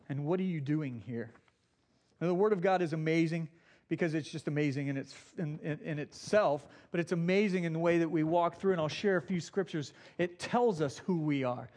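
A middle-aged man, a pastor, preaching a sermon and telling stories, slowing down to stress key words. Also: on the high side, a little mellow. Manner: storytelling with acted quotes, slows for emphasis.

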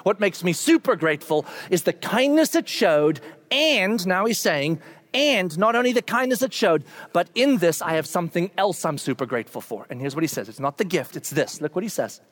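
A man with a high voice delivers a sermon in a loose, conversational way. He keeps breaking into animated acted-out quotes, his voice leaping up when he does. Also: normal speed, dry recording. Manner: animated, acts out voices with big pitch jumps; casual and conversational, with fillers and restarts. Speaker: pastor.

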